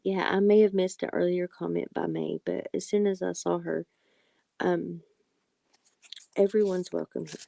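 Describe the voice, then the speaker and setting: A woman hosts a live card-reading stream in a low, gravelly voice with heavy vocal fry. Her tone is mellow and dark, recorded dry and close. She speaks gently to her viewers, calling them sweetie and honey. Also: fairly even intonation, normal speed, long pauses, no echo. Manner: soft-spoken, affectionate, calls viewers sweetie and honey; apologetic and reassuring. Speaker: livestream tarot and oracle card reader.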